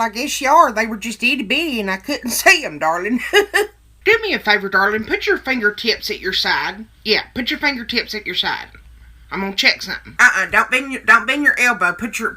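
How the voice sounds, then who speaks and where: A woman's voice: fairly high pitch, lively intonation, fairly quick, bright, forceful tone. A performer voicing a sassy, gossipy older Southern woman with an Arkansas drawl who calls everyone darling. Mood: bossy. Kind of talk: comedy sketch character.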